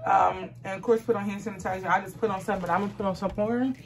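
A woman's voice: mid-range voice, steady tone, rapid-fire. A young woman and mother talking casually to her viewers in a family vlog, chatty and coaxing her child along. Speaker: vlogger and mother.

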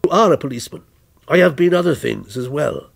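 A man's voice: on the high side, lively intonation, vocal fry. A man doing a sneering menacing ex-policeman. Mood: taunting. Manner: taunting, slow and deliberate. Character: menacing male visitor, a criminal former policeman. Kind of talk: dramatic story reading.

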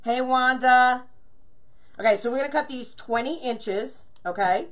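A woman with a fairly high voice hosts a casual crafting livestream. She chats with viewers, greets each one by name and counts her pieces aloud as she works, in a friendly, easygoing way. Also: a little slow. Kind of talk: chatty livestream while crafting.

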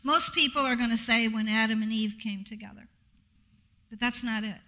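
A middle-aged woman giving a casual teaching talk to a congregation, conversational and quick to laugh, asking the audience questions. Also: fairly high pitch, sharp tone. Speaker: guest speaker at a congregation.

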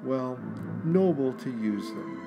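A man reading aloud and voicing a stern, cold older female witch professor, with loud music behind him. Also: medium pitch, expressive, takes it slowly. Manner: cold, exasperated.

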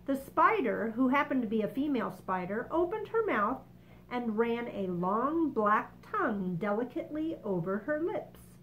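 Expressive woman reading a children's book. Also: a little high, moderate pace, slight background noise, rough recording. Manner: expressive, self-correcting. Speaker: story reader.

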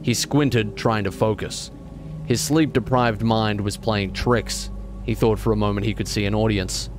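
A man's voice: on the low side, steady tone, measured pace, over music. A man streaming a game, reading its text passages aloud, stumbling over words and breaking off into exasperated, swearing rants.

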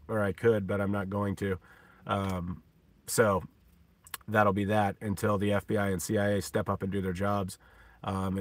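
Man, vlogger, casual rambling monologue, profane, lots of ums, low-pitched, punchy tone, parked car. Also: a bit bright.

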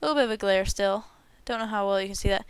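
A young woman hosting a casual unboxing video, bubbly and excitable, tripping over her words as she gushes. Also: mid-range voice, rapid-fire, background noise. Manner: bubbly and excitable, gushing with stumbling repeats. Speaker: unboxing channel host.

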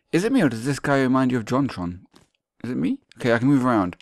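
A man's voice: mid-range voice, very animated, fast talker, no echo, soft background music. A man giving sweary, sarcastic let's-play commentary as he plays a video game. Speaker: gaming YouTuber.

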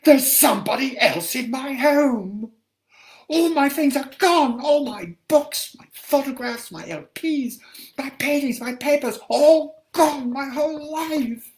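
A man reading a story aloud, voicing a distraught ghostly woman who shouts frantically that her home and belongings are gone. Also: fairly high pitch, very animated, normal speed, voice pushed up. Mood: outraged.

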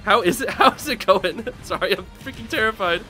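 Brief: young male gaming host, high lively voice, bright tone, faint game music under him. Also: a little fast. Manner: excitable, laughing, loud outbursts. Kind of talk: casual live game commentary.

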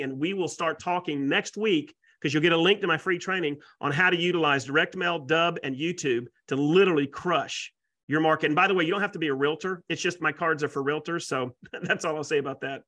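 A man, a realtor and YouTuber, pitching as a guest speaker on a webinar with excitable, salesy energy and folksy exaggeration. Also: fairly quick. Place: Florida.

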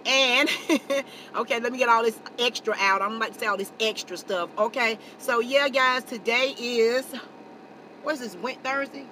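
A woman's voice: a little high, normal speed, pushed and bright, a little hiss or hum. A woman hosting a casual family vlog from inside a car, chatty and loose, tagging her sentences with "okay" and "y'all". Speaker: family channel host.

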